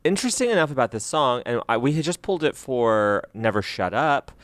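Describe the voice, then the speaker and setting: A man's voice: medium pitch, big pitch swings, brisk, fairly bright tone. A man co-hosting a podcast in casual, playful chat, often drifting off topic. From United States. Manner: playful, jumps to silly voices. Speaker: podcast co-host.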